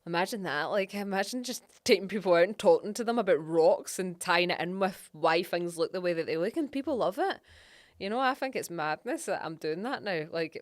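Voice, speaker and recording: Scottish woman chatting on a podcast, lively and chatty, lowish voice, dry close sound. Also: no echo. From Scotland. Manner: chatty, animated storytelling, often laughing. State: pregnant. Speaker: podcast host and geologist. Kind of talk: casual podcast chat.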